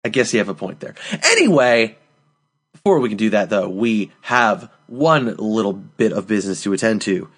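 A man's voice: on the low side, fairly quick, breathy edge. A man hosting a comedy podcast, bantering and joking, sometimes switching into a mock-grand, solemn tone. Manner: jokey, slips into mock-grand solemn delivery. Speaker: podcast host.

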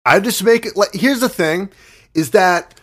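A man's voice: high-pitched, a little slow, fairly bright tone. A man co-hosting a comedy podcast, riffing loosely with profanity and plenty of fillers. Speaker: podcast co-host acting as debate moderator. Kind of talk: casual comedy chat.

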